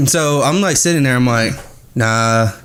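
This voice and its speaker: A man's voice: medium pitch, unhurried, fairly bright tone, slight background noise. A man telling a paranormal story in casual podcast chat, swearing constantly and acting out the sounds he heard.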